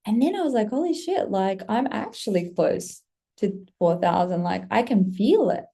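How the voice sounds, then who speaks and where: Gravelly-voiced woman telling a casual vlog story. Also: medium pitch, moderate pace. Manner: animated, swearing, acting out past excitement in quoted asides. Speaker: content creator.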